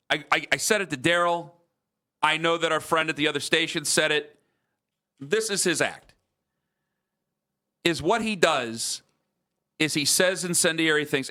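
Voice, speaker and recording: A sports radio host rants in a bright, forceful voice that sits a little high for a man. He circles back to the same points again and again, his talk heated and insistent. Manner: heated, repetitive ranting.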